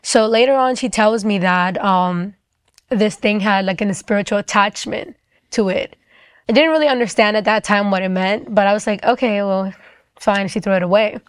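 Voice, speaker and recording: A young woman telling a personal testimony story in a fast, chatty way, full of "like" fillers. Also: mid-range voice, smooth, no echo, clean studio sound.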